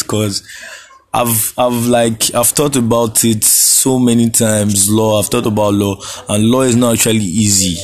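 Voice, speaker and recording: A man's voice: lowish voice, steady tone, unhurried, darkish tone. A young Nigerian man hosting a casual solo podcast, laid-back, laughing often and slipping into Pidgin phrases. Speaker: podcast host.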